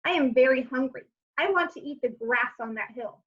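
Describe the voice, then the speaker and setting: A woman voicing a timid male billy goat begging a troll not to eat him, in a higher pleading voice. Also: moderate pace, fairly bright tone, dull audio.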